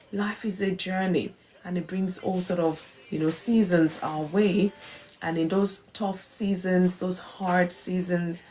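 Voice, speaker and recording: A woman's voice: lowish voice, mellow. A woman hosting a faith livestream, giving an earnest, emphatic devotional talk and repeating key phrases for weight. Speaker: host of a faith encouragement livestream.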